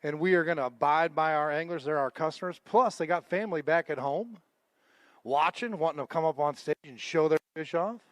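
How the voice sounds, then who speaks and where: A man's voice: a little high, a little fast, dry recording. A man emceeing a fishing tournament weigh-in live, chatting and joking with the anglers and crew. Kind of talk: live event emceeing with casual banter.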